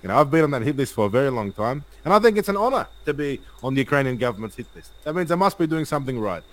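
A man's voice: mid-range voice, big pitch swings, rough recording. Man hosting a live stream. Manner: rapid, repetitive listing, hesitant fillers. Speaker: livestream host.

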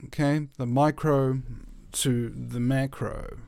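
A man giving an animated motivational monologue as a talk host. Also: medium pitch, takes it slowly, vocal fry, dry recording, clean studio sound. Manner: animated storyteller, emphatic.

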